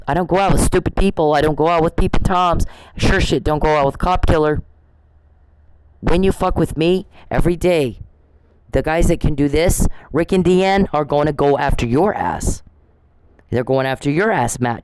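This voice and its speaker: A woman's voice: sits low, darkish tone, slight background noise, rough recording. A woman hosting her own channel, delivering an angry, profane, accusatory rant straight at the person she blames, hammering the same insults again and again. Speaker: channel host. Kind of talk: angry direct-address rant.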